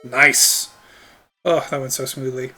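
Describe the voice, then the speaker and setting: A man's voice: mid-range voice, level tone, slow, sharp tone, soft background music. A man streaming a video game, chatting casually and rambling with frequent laughs and fillers. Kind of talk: casual gameplay chat.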